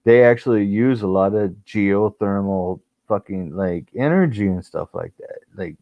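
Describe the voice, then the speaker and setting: A man's voice: lowish voice, normal speed, dry recording. A man calling into a livestream, talking bluntly and crudely and laughing through the banter. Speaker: guest caller. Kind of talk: casual livestream chat. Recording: dry, dull lo-fi call audio.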